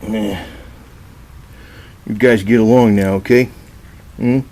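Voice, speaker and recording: A cat owner films his cats by his old car at home, speaking to them coaxingly while rambling and swearing casually. He talks slowly in a fairly low, dark voice with fairly even intonation, and there's a bit of background noise.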